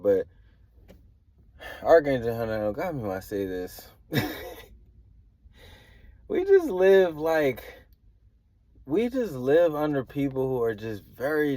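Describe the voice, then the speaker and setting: A man's voice: medium pitch, a little mellow, no echo. A man giving a casual tarot reading, rambling and hedging with slangy filler talk. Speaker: tarot reader.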